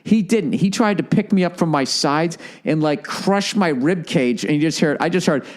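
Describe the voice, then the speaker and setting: A middle-aged man with a Boston accent hosting a podcast, telling a comedic story with swearing and acting out other people. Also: normal speed. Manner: profane, animated, acts out quoted people in higher voices. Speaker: podcast host.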